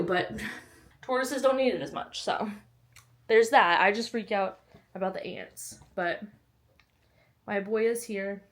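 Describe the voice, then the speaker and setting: A young woman with a slight lisp, chatting casually in her book vlog with anxious, self-interrupting energy. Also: on the high side. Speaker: book vlogger.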